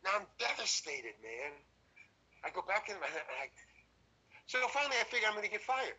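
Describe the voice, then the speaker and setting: An older man recounts an anecdote in a loose, animated way, cursing casually as he goes. His voice sits high and sounds very bright, with a husky grain underneath. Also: normal speed, low-quality recording. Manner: animated storyteller who swears freely. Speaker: guest.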